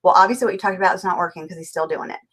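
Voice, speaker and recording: A California life coach appearing as an interview guest talks energetically and at rapid-fire speed in a lowish voice. She animates her answers by acting out little scenes in quoted voices.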